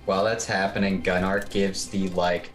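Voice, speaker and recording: A man's voice: sits low, flat delivery, normal speed, over loud music. A man playing a tabletop game, joking, encouraging, and swearing casually. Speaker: player.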